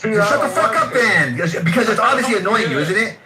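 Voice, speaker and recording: A man trash-talking loudly and aggressively in a heated voice chat argument. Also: sits high, expressive, fast, reverberant, a loud crowd.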